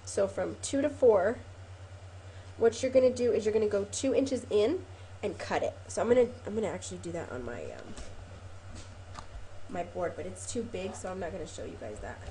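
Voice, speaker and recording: Hosting a laid-back craft video, this woman speaks at a medium pitch with wide swings in pitch, at an ordinary pace and in a mellow tone. She rambles, says um a lot, corrects herself often, and sounds a little stuffed up from a cold; there's slight background noise.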